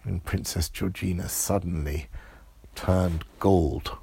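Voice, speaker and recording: A deep, gravelly man tells a made-up bedtime story slowly and softly, often sinking into a near whisper. His voice is husky and breathy, recorded close and dry. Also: steady tone, dry recording. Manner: soft, drifting into whispers.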